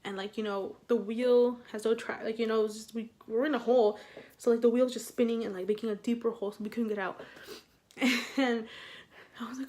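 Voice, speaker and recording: A young woman in a casual storytime vlog, animated and swearing, acting out what people said. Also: on the high side, brisk. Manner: animated, swearing, acts out quotes with laughs. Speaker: vlogger.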